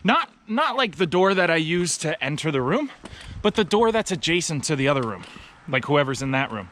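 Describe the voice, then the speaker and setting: Seorang pria bersuara tinggi dan cerah, bercerita santai dengan nada sarkastis dan intonasi yang sangat hidup. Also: male voice, fairly high pitch, normal speed, slight background noise. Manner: sarcastic, animated retelling. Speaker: travel vlogger. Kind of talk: casual storytelling to camera.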